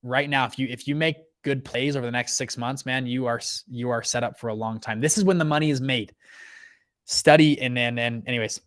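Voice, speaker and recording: A host in his thirties who works as a fund manager rants casually about economics at a medium pitch. He's lively, restarts often, and acts out quotes.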